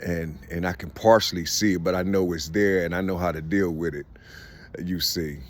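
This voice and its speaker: Man, middle-aged, very low voice, rambling casual monologue, lots of fillers, swears a lot. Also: fairly even intonation. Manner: halting, many fillers and "you see"; swears freely. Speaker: vlogger.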